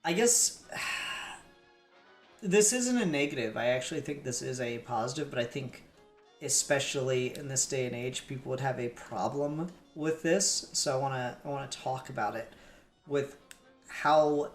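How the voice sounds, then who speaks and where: A man's voice: mid-range voice, measured pace. A man with a mid-range voice rambles through a casual comics podcast, full of fillers and the occasional swear. His voice echoes around the room, and faint music sits behind it. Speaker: podcast co-host. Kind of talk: casual comic book discussion.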